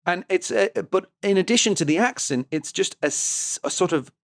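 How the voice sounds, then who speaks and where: A man's voice: sits high, expressive, no echo. A man co-hosting a film podcast, talking in a casual, analytical way with frequent restarts. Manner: analytical, halting with many restarts. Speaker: podcast co-host.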